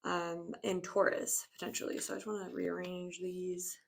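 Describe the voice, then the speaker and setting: A woman in her 20s gives a casual spoken tarot reading in a lowish, level voice with vocal fry, at a moderate pace. She's slightly out of breath and rambles reflectively, full of fillers and hedges.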